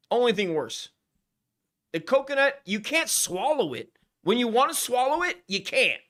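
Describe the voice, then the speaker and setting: A man's voice: very high voice, sing-song, a little slow, a bit bright. A man co-hosting a comedy livestream, ranting crudely with mock outrage. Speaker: comedy podcast co-host.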